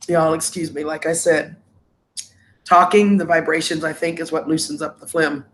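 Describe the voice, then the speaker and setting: A woman's voice: low-pitched, steady tone, moderate pace, a bit bright. A woman hosting a casual live stream, congested and sniffly with a cough, greeting viewers with endearments over a laptop microphone.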